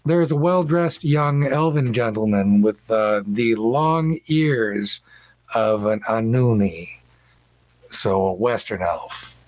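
A man's voice: fairly low pitch, slow pace, a little mellow, no room sound. A man narrating a tabletop game as game master, in a casual, descriptive way.

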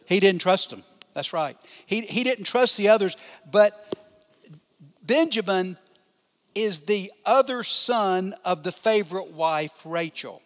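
In a high, light, expressive voice, an older pastor leads a Bible lesson at a slow pace. He keeps it conversational, asking his listeners questions and responding to what they say, while his words ring out with long reverb in a large church hall.

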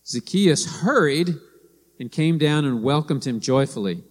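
A man preaching a sermon, telling stories and acting out quoted lines in a lively way. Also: unhurried. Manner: storytelling, acts out quoted lines with rising pitch. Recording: long hall reverb.

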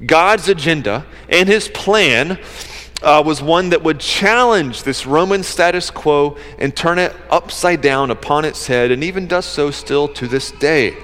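A man's voice: fairly high pitch, measured pace, a bit bright. Earnest male preacher in a reverberant hall. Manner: earnest, conversational, casual asides. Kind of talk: sermon.

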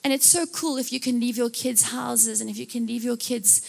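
A woman's voice: a little high, normal speed, vocal fry, breathy edge, faint music behind. A young South African woman preaching a live sermon, telling stories with jokey asides and acting out voices. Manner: animated storytelling, acts out voices, jokey asides.

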